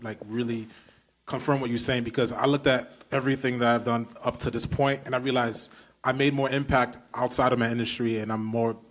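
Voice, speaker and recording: A man's voice: medium pitch, little pitch movement, a little fast. A man with a Brooklyn accent hosting a podcast, eager and emphatic, with loose, slangy phrasing. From Brooklyn, New York. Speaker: podcast host. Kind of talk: casual podcast conversation.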